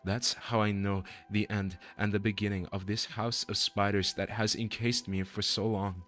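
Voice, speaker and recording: A man's voice: on the low side, flat delivery, normal speed, a bit bright, close to an everyday voice. A man reading as a despairing captive narrator. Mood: wistful. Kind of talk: dramatic game dialogue reading.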